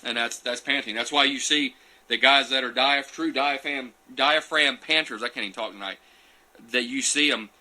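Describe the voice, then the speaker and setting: A man's voice: medium pitch, normal speed, bright, forceful tone, a little hiss or hum. A man chatting casually in a live Q&A from his futon couch at home, folksy and friendly, chuckling between answers. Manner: folksy and friendly, calls people buddy and brother. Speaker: champion turkey caller answering live questions.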